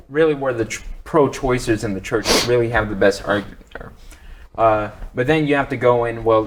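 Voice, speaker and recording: A man from the Southern US, a panel guest speaking thoughtfully and hesitantly. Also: mid-range voice. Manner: hesitant, thoughtful, restarts often. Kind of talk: casual panel discussion.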